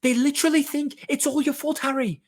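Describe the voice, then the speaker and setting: A man putting on a high, urgent English accent. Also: steady tone, brisk. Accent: English, put on. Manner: pleading, urgent, swearing. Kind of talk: mock pep talk.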